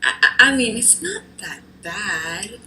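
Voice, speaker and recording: A woman voicing a pushy, excitable teenage girl, talking in breathy eager whispers and bright outbursts. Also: mid-range voice, a little slow.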